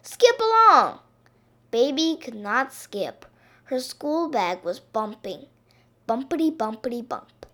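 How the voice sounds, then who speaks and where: Slow, expressive woman reading a storybook. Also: on the high side. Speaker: picture-book reader.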